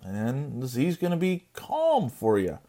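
Dad reading as a resigned prophet, plain halting voice, pretty lively pitch. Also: male voice. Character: resigned male prophet confessing.

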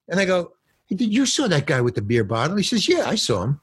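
In a casual interview over a phone or remote call, an older comedian and actor recounts stories and brings the people in them to life by imitating their voices. He speaks quickly in a fairly high voice with a breathy edge, and there's no room sound.

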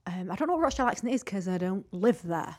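A woman's voice: mid-range voice, animated, a little mellow, slightly rough. A woman from Rossendale with a Lancashire accent, chatting casually and swearing freely as a podcast co-host. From Rossendale, England. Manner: chatty, swearing, quick asides. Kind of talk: casual chat.

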